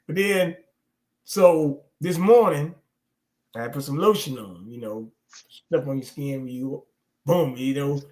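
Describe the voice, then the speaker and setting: Animated, laughing storyteller man, high-ish voice. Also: slow, pauses often. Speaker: show host. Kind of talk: casual chat on a livestream. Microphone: streaming call.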